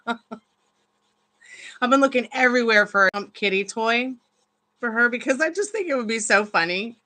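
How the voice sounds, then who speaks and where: A woman's voice: on the high side, animated, normal speed, pauses often, bright, forceful tone. A woman chatting casually on a live stream from her home, rambling between stories and cooing baby talk at her dogs. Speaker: tarot reader and live streamer.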